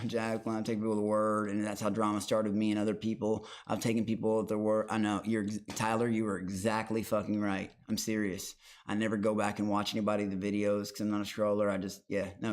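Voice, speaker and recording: A man streaming live and reacting to a show. He rambles, swears heavily and taunts his chat. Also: fairly low pitch. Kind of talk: casual livestream commentary.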